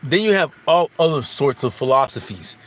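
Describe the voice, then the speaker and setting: A man's voice: medium pitch, lively intonation, normal speed. A man giving a casual, rambling spiritual monologue, repeating phrases and restarting sentences. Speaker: spiritual speaker.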